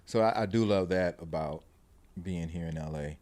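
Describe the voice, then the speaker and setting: Animated podcast host, low-voiced man. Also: normal speed, no room sound. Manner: animated storyteller, acts out quotes. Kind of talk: casual chat.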